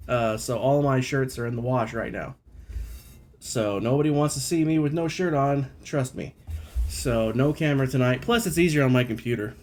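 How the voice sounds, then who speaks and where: A man's voice: medium pitch, moderate pace. A man chatting casually with his live-stream viewers from his computer at home, rambling and self-deprecating.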